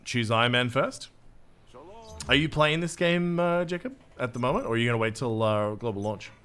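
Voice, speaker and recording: A man's voice: medium pitch, animated, moderate pace, a bit bright, clear, resonant tone. An Australian man streaming a game, chatting casually with his viewers in a jokey, self-mocking way and swearing freely. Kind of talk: live gameplay commentary, reading chat.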